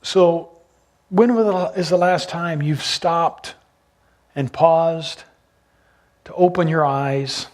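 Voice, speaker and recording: A man's voice: fairly high pitch, takes it slowly, pauses often, a little mellow. A man preaching a sermon as pastor, retelling a gospel story and asking his listeners questions. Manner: storytelling, asks the congregation questions.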